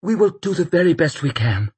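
Man doing a fawning lady mayor, raised high, murmury and eager to please. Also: big pitch swings, a little fast, darkish tone, slightly rough, no room sound, heavily acted. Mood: grovelling. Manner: murmuring, obsequious. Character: grovelling female mayor, anxious to please.

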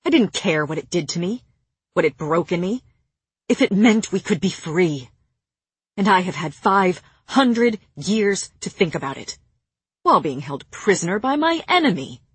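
A woman reading an audiobook voices a battle-hardened male warrior who speaks roughly and with strain. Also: on the low side, sing-song, moderate pace, no echo, exaggerated voice. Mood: bitter. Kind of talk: audiobook character voice.

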